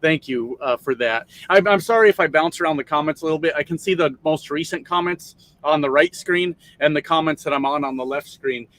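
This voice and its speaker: A man talks casually into a desk mic from the sleeper cab of his parked truck, his voice sitting a little high. He rambles between viewer names, swears freely and backtracks often as he reads the chat. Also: fairly quick, hardly any pauses, a bit bright. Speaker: trucker livestream host.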